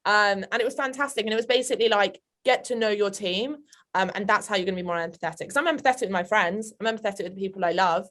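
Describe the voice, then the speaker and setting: A woman's voice: mid-range voice, rapid-fire, fairly bright tone. A woman with a London accent, a sales manager on a webinar panel, chatting with many fillers over a video call.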